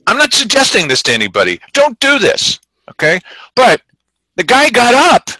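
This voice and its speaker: A man hosting a talk show, telling stories in a casual, animated way and acting out the quotes. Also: extremely high pitch, normal speed, no room sound, low-quality recording. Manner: animated storytelling, acts out quotes. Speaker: show host. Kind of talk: casual chat.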